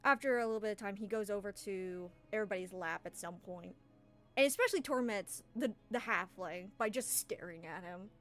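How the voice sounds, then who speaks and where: A woman running a tabletop role-playing game, narrating the scene in a loose, chatty way. She talks at a middle pitch with plenty of fillers, and faint music plays behind her. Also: a little fast, a bit bright. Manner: casual, rambling, with fillers and laughs. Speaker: game master.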